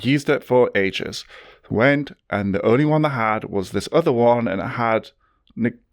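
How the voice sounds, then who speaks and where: A man, co-hosting a podcast and telling a story in an animated, casual way. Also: mid-range voice, measured pace, dry recording, studio quality. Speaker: podcast co-host. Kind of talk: casual chat.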